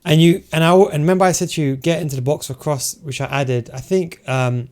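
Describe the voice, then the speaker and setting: A man's voice: a little high, fairly even intonation, fairly quick, a little mellow. A man losing his voice, explaining game tactics step by step in a casual spoken tutorial and talking straight to his viewers. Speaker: video game tactics coach.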